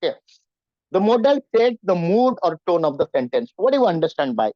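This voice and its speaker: A man's voice: sits high, big pitch swings, brisk, no echo, dull audio. A man teaching in an online class, often asking his students questions. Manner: repetitive, questioning students, acts out nervous voices. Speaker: English teacher.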